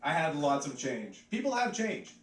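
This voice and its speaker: A man's voice: a little high, very animated, moderate pace, far from the mic, slight background noise. A man doing live stand-up comedy in a pub, rambling and offhand, with many "like" fillers. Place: pub stage, live audience. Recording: echoey pub mic heard from afar.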